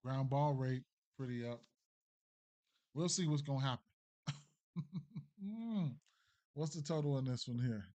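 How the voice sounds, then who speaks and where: A man's voice: medium pitch, lively intonation, unhurried, pauses often, dark tone. A man streaming sports betting picks, thinking aloud in a casual, mumbling way with many fillers and restarts. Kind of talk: casual live-stream commentary.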